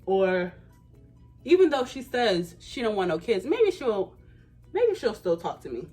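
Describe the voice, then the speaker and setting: A young woman in her twenties spins a casual storytime in a lively, swooping voice. She leans on slang and stresses words for emphasis, with faint music playing under her. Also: mid-range voice, a little slow, husky. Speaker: vlogger.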